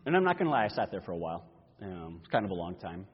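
A male pastor delivering a first-person dramatic sermon, telling the story in an expressive, animated way. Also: on the low side, fast, breathy edge. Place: church sanctuary. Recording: dull reverberant church recording.

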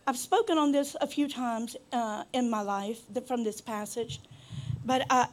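A woman's voice: fairly high pitch, measured pace. A woman preaching a sermon, telling a healing story with teasing asides and growing fervor.

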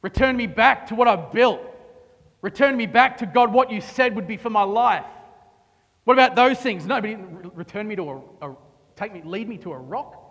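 A man preaching a sermon, dramatic, dropping to hushed tones and rising to impassioned cries. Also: high-pitched, moderate pace. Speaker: pastor. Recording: long reverb of a large hall.

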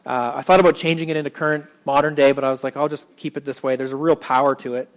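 A man's voice: medium pitch, steady tone, fast. A man preaching a sermon as pastor, talking casually with lots of fillers and restarts.

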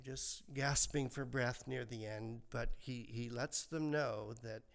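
Old guy in his 70s preaching, gravelly, takes his time, lots of "don't you love" questions. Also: mid-range voice, steady tone. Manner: slow, conversational preaching with rhetorical questions and folksy asides. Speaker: pastor. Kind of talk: sermon.

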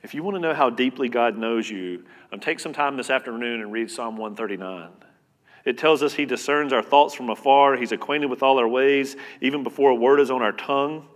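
A man preaching a sermon as pastor, earnest and conversational, repeating words and swinging between loud and soft. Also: mid-range voice. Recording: long reverb of a hall.

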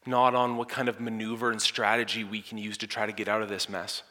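A male pastor preaching a sermon with great drama, dropping to hushed near-whispers and then rising to loud, emphatic lines. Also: on the low side, flat delivery, fairly quick. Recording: echoey church hall.

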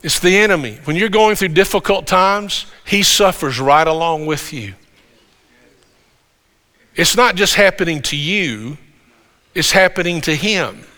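Bright-voiced preaching man in a hall. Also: a little high, expressive, a little slow, long pauses. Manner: conversational preaching with frequent restarts and rising emphasis. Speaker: pastor. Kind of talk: sermon. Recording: long hall reverb.

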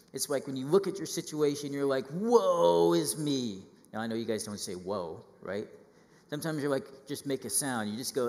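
A middle-aged man preaching a sermon to children, lively and full of questions, acting out quoted voices. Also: mid-range voice, big-room sound.

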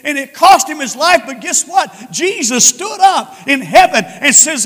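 Male pastor preaching, high voice, loud peaks and hushed stretches, echoing sanctuary. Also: very animated, unhurried, hardly any pauses. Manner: swings from shouted proclaiming to low quiet tones. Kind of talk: sermon. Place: church sanctuary.

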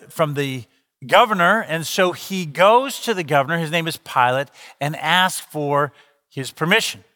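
A middle-aged man, the lead pastor, preaching an Easter sermon in a conversational, animated storytelling way with quoted dialogue. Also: sits high, big-room sound.

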